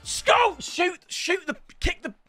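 A young man commentating live on his football video game, excitable and jokey, often shouting at the play. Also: very high voice, takes it slowly, soft background music. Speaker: gaming streamer.

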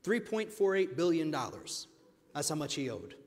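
A man pastor delivers an emphatic sermon in a high voice. He swings from loud to hushed passages and calls the congregation his friends. His voice rings with the long reverb of a church hall. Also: big pitch swings, normal speed. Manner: addresses the congregation directly as friends. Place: church sanctuary.

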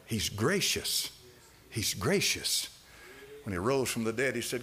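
Animated preaching man, lively pitch. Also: a little slow, pauses often. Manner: animated preaching, swings from loud to hushed. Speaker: pastor. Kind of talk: sermon. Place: church sanctuary.

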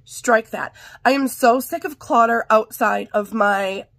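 Hoarse, chatty woman vlogger. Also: on the high side, a little slow, fairly bright tone, no room sound. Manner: chatty, rambling. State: hoarse from illness. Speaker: haul vlogger. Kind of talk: casual haul vlog. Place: home art room and office.

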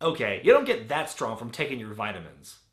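A man's voice: mid-range voice, wildly swooping pitch, a little fast, very noisy. A man hosting a comedic movie review, narrating in a sarcastic, wisecracking way. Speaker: host. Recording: roomy with music bed.

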